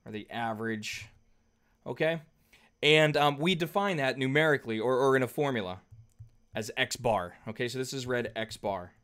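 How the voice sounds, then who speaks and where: A man's voice: mid-range voice, moderate pace, a bit bright, smooth. Casual man lecturing on math. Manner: conversational, checks in with "okay?" often, fillers. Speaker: math teacher. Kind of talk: whiteboard lecture.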